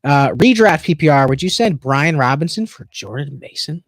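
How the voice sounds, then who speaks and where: A young man co-hosting a casual football livestream, loose and profane, joking and jumping around in pitch. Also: animated, moderate pace, no room sound, studio quality. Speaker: co-host of a fantasy football stream.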